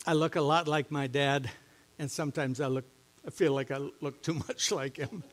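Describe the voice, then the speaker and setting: A middle-aged man, a pastor preaching a sermon in a church, moving between quiet, low musing and loud, emphatic teaching. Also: steady tone, moderate pace. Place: church sanctuary.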